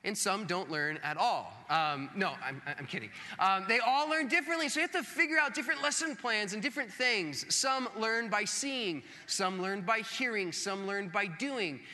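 A man in his thirties, a pastor telling a self-mocking story in a sermon, animated and acting out the voices of others. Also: sits high, moderate pace, few pauses. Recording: long hall reverb.

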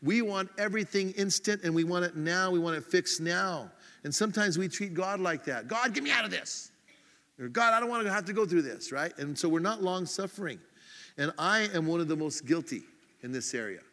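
A man from the United States preaching a sermon in a casual, self-mocking way, acting out his own irritation in quick asides. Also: fairly high pitch, a bit bright, in a large hall. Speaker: pastor.

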